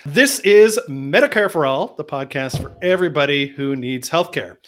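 Man, podcast host, slightly high voice, casual jokey chat, rambling. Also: lively intonation, moderate pace.

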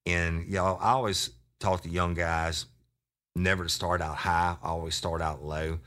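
A man, a podcast host and former deputy, telling a profane, animated story. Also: low-pitched, normal speed.

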